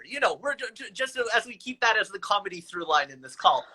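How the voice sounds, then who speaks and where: A man in his twenties, a guest telling stories in a live video chat with high energy and a playful, self-mocking manner. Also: lively intonation, fast talker, few pauses, sharp tone.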